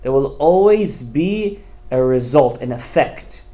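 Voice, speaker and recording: A man's voice: mid-range voice, lively intonation, slow, warm tone. A man, a rabbi, giving a passionate sermon with dramatic, emphatic storytelling. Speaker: rabbi teaching a Torah class.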